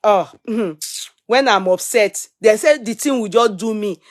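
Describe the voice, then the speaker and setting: A middle-aged woman with a Nigerian accent, hosting a casual live stream, reading viewer comments and telling stories in an animated way, switching into Pidgin and Yoruba. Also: mid-range voice, a little slow, no room sound, studio quality. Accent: Nigerian, Yoruba-influenced English. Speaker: livestream host.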